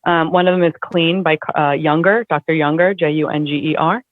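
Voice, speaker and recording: A woman guest in a casual conversation, talking in an animated, chatty way with lots of fillers. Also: low voice, a little fast, dry recording. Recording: dry, tinny phone-like line.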